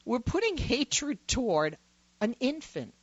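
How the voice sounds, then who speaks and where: A woman's voice: a little high, big pitch swings, slow, no echo. A woman hosting a call-in radio show, talking earnestly with many restarts and agreeing with her callers. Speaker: radio talk show host. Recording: dull radio broadcast sound, dry.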